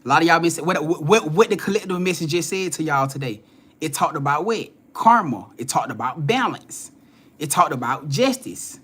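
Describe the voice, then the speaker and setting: A man's voice: on the high side, expressive, moderate pace, fairly bright tone, husky. A young man hosting a spiritual reading live stream, talking loosely in slang, greeting viewers by name and swearing now and then. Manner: laid-back slangy talk, greeting viewers by name, frequent swearing and laughs. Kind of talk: casual live-stream chat.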